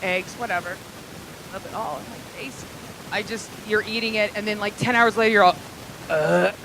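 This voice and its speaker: A woman's voice: medium pitch, a bit bright, slight background noise, rough recording. A woman performing a live stand-up set in a comedy club, with a profane, crude, conversational delivery.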